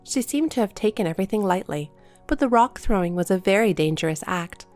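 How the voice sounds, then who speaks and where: A woman telling a first-person story in a calm, matter-of-fact way. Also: on the low side. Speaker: narrator.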